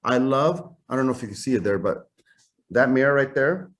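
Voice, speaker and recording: Speaking a touch fast in a mid-range voice, a suit maker in his fifties talks informally as an interview guest. He comes across as assured and animated, frequently adding "right?" to his sentences.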